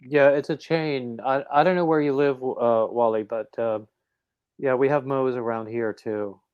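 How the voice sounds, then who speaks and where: A man's voice: mid-range voice, steady tone, unhurried, clear, resonant tone, no echo, muffled recording. Chatty middle-aged man host, dry sound. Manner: chatty storyteller. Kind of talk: casual livestream chat.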